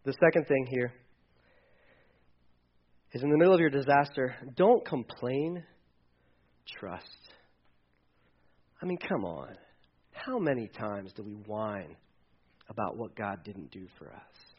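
A male pastor preaching a sermon in a conversational way, moving between soft asides and loud, emphatic readings. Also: medium pitch, expressive, takes it slowly, long pauses, husky, highs cut off.

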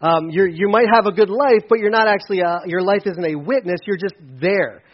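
A man preaching a casual sermon as pastor, conversational with self-deprecating asides and lively storytelling. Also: sits high, a little fast, highs cut off. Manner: conversational, self-deprecating asides, animated when telling stories.

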